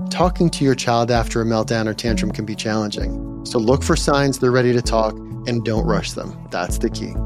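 A male psychologist hosting a podcast, giving scripted parenting advice in a calm, measured, gently instructive way. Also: mid-range voice.

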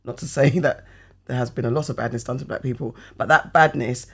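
A man co-hosting a casual podcast chat, talking in an animated, rambling way and swearing casually. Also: mid-range voice, fairly quick, breathy edge.

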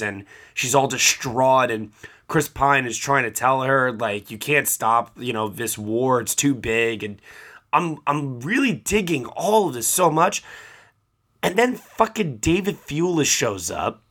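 A man hosting a podcast, giving a rambling, animated film review full of fillers. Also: medium pitch. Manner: ranting, animated, many fillers. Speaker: podcast host. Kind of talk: casual film review chat.

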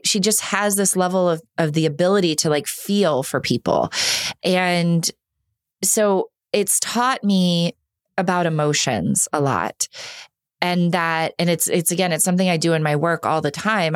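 A woman in her thirties speaks as a podcast guest, her voice sitting a little low for a woman. She tells personal stories candidly and with animation, often breaking off and restarting her sentences. The recording is dry and close, with no room sound. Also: no room sound. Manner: earnest and animated, frequent restarts. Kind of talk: candid conversational storytelling.

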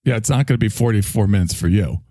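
A man's voice: fairly low pitch, fast talker, warm tone, no room sound, studio quality. A man acting as the channeler in a comic bit, talking in a matter-of-fact, slightly hesitant way.

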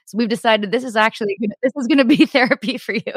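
A woman's voice: a little high, very fast, breathy edge, dry recording. Chatty woman podcast host, dry sound. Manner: chatty, warm storytelling, many fillers. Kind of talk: casual interview chat.

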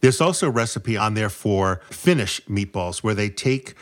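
A man's voice: lowish voice, normal speed. A man who is a podcast guest, chatting casually and telling stories with dry jokes. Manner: lively, joking storyteller. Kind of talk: casual chat.

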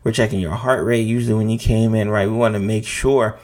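A man's voice: fairly low pitch, steady tone, fairly quick, darkish tone. A middle-aged man, a physician hosting a show, explaining checkups in a casual, conversational way, tagging lines with "right?". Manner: conversational, frequent "right?" asides. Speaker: physician host. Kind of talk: casual educational talk.

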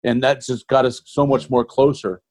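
A man's voice: mid-range voice, little pitch movement, moderate pace, a little mellow. A man in his forties, a guest on an interview show, talking in a rambling, friendly, folksy way. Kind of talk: casual interview talk.

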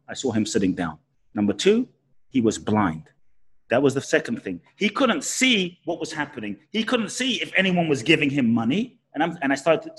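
A man as a podcast guest, telling a personal story with animated, swooping pitch and frequent restarts. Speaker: guest, spiritual teacher.

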